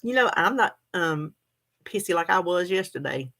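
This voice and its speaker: A woman's voice: fairly low pitch, expressive, moderate pace, fairly bright tone. A middle-aged woman, chatting casually with her viewers and laughing often as she answers their comments. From United States. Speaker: livestream host.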